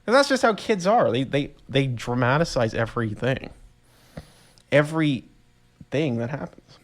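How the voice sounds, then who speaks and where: A young man, casually rambling through a solo podcast story, animated and self-amused. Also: medium pitch, unhurried. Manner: rambling, animated storytelling with laughs and voiced reactions. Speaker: podcast host.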